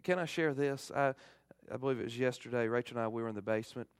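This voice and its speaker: A middle-aged male pastor giving a fervent sermon, swinging from loud emphasis to hushed appeals. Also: mid-range voice, fast, clear, resonant tone, no room sound, studio quality.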